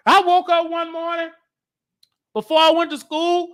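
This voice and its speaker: A man hosting his show, telling a comedic childhood story in an excitable, animated way. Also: very high voice, unhurried. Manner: animated, excitable, talks back to the listener.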